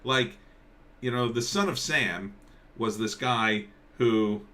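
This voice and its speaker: A man hosting a live stream, rambling in casual commentary and reading viewer comments aloud, with halting restarts. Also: medium pitch, bright, forceful tone.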